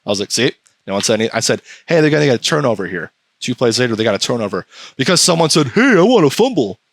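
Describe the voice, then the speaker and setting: A man's voice: mid-range voice, expressive, rapid-fire, vocal fry, no echo. A man hosting a podcast, ranting profanely in casual chat and slipping into mocking voices. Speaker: podcast host.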